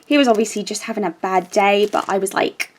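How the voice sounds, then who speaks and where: A young woman chats casually while working on a craft project. She tells a story in an animated way, stopping and restarting with plenty of fillers. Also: mid-range voice, fairly quick, a little hiss or hum. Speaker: crafting vlogger.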